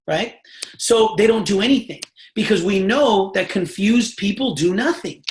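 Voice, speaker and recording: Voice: medium pitch, lively intonation, moderate pace. Emphatic trainer on a roomy video call. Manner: emphatic, repeatedly checks in with the audience. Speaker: sales team trainer. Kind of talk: live online training call.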